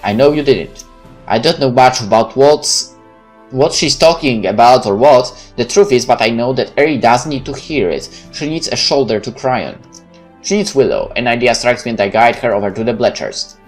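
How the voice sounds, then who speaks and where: A man narrating a visual novel, his voice lively and swinging through a wide range of pitch. He reads expressively with soft music playing underneath. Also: normal speed. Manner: expressive, candid. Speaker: let's play narrator. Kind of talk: reading a visual novel aloud.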